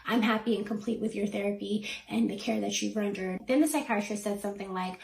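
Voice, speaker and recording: A woman's voice: mid-range voice, steady tone, a little fast, vocal fry, darkish tone, roomy sound, poor audio. A woman hosting a reaction channel, casually recapping someone's story in a chatty way, quoting the people involved with lots of fillers. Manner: chatty, retells with quoted voices and fillers.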